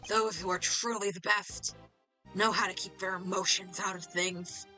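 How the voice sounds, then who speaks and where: A woman's voice: medium pitch, fairly even intonation, normal speed, pushed and bright, soft background music, voice pushed down, close to an everyday voice. A woman voicing a pompous, scheming older male villain, reading game dialogue aloud with a sneering, condescending manner.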